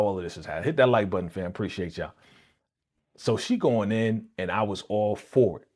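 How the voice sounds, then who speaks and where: A man hosting a live reaction stream, talking in an animated, slangy way straight to his chat. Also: on the low side. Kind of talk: casual live reaction commentary.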